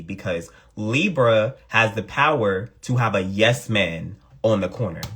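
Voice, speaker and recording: A man giving a casual astrology reading, repeating points for emphasis in colloquial speech. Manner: animated, acts out quotes in a higher voice. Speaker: astrology reader. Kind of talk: casual astrology talk to camera.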